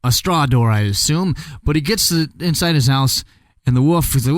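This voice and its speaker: A man's voice: fairly high pitch, normal speed, dry recording. Chatty man telling a comic fairy tale. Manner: chatty, joking asides. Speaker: storyteller. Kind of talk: casual comic storytelling.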